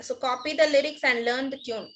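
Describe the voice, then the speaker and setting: Bright, high-voiced woman teacher, Indian English. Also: steady tone, brisk, slight background noise, poor audio. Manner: repetitive, patient instructions, frequent "okay" and thanks. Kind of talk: online class instruction.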